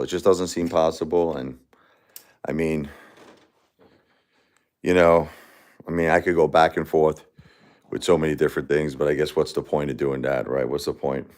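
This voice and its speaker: A man in his forties, grief-stricken, talking haltingly on a livestream as host and answering viewer comments. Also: very deep voice, level tone, darkish tone. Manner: halting and repetitive, many restarts and fillers.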